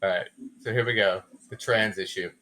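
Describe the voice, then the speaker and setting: Sarcastic, bright-voiced male host. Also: fairly low pitch, steady tone, normal speed. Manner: dry, mocking. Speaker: commentary host. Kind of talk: sarcastic reaction commentary.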